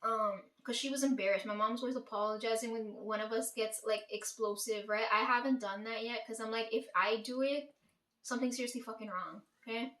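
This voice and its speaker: A woman's voice: a little high, fairly even intonation, fairly quick, fairly bright tone, distant mic. Blunt, profane woman storyteller. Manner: blunt, profane, emphatic, keeps asking "right?". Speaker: vlogger telling a family story. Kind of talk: casual storytelling to viewers. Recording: echoey room.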